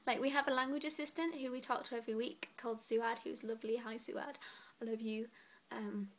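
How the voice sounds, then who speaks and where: A woman's voice: fairly high pitch, fairly even intonation, fast talker, few pauses. Giggly teen girl, a bit breathless. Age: late teens. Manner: chatty, giggly, rambling. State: a little out of breath. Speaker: student vlogger. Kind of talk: casual vlog chat. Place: bedroom, lying in bed.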